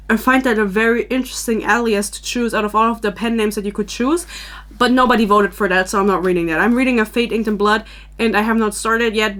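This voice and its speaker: A woman's voice: medium pitch, a bit bright. A young woman from Germany hosting a podcast, chatting casually in a rambling, self-deprecating way, recorded on a camera-mounted microphone. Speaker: podcast host. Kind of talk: casual chat.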